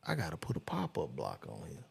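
A man's voice: rumbling low, wildly swooping pitch, brisk, creaky, husky. A man casually reading celebrity news aloud and reacting with loose, profane commentary while he browses.

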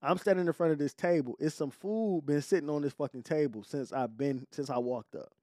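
A man, hosting a podcast, telling a story in a casual, animated, profane way full of slang. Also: fairly high pitch, brisk, no room sound, studio quality. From Detroit. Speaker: podcast host.

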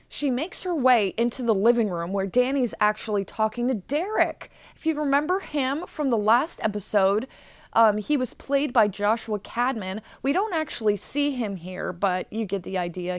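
A woman hosting a podcast, recapping an episode in a chatty, animated way. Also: fairly high pitch, moderate pace, no echo. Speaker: podcast host.

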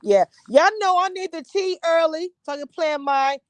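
With an extremely high-pitched voice, this reality TV reviewer from Louisiana hosts a casual livestream chat, sassy and teasing and quick to laugh. She's on a phone with headphones, and the sound is dry, close, and poor in quality.

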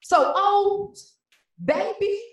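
A woman's voice: extremely high pitch, very slow. A woman from Cleveland, Ohio, performing spoken-word poetry as a slam poet, with rhythmic, emphatic delivery built on repeated refrains. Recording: very echoey room, mic at a distance.

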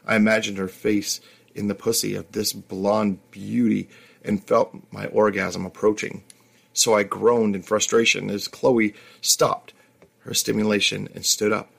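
Low, gravelly male narrator. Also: fairly bright tone. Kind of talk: first-person story reading.

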